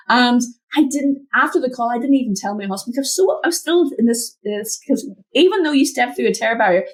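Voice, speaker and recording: Animated woman telling a story. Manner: animated, acts out quotes with big pitch jumps. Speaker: mindset mentor, guest. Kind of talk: storytelling in an interview. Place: her home office desk.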